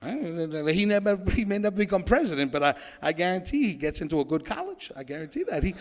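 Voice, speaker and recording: A man's voice: high-pitched, sing-song, fast talker. A man performing a stand-up comedy set, joking and riffing with an audience in a church hall.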